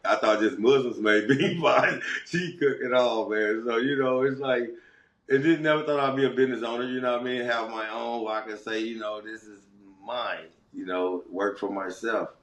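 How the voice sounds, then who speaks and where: A middle-aged man from Watts, Los Angeles, telling his story as a guest in casual, animated, slangy talk. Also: mid-range voice, moderate pace. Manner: animated, slangy, chuckles between phrases. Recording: roomy echo.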